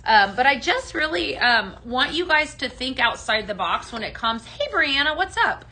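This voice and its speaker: A woman's voice: sits high, sing-song, moderate pace, pushed and bright. A woman hosting a daily live-selling stream for home fragrance, chatting casually and greeting viewers by name as she mixes blends. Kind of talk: live shopping stream chat.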